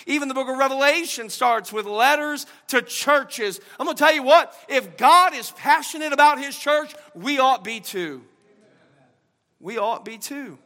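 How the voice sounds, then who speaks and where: A man pastor preaching a sermon, moving between quiet, low-key teaching and loud, emphatic preaching, and repeating key phrases for emphasis. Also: creaky.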